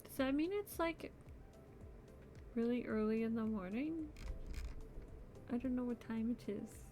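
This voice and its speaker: A woman's voice: on the high side, measured pace, mellow, faint music behind. A young adult woman streaming her crochet, chatting casually and sounding sleepy and yawny. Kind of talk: casual live-stream chat.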